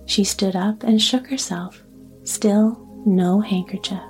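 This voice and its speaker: A woman narrating a story aloud in a steady, even storybook reading. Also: medium pitch, takes it slowly, faint music behind. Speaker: audiobook narrator.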